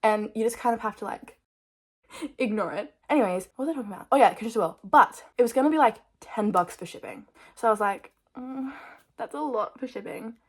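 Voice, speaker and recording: Young woman, mid-pitched, loose rambling vlog chatter heavy on "like", talking to her camera. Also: expressive, fast talker, slightly rough. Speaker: vlogger. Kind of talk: casual chat to camera.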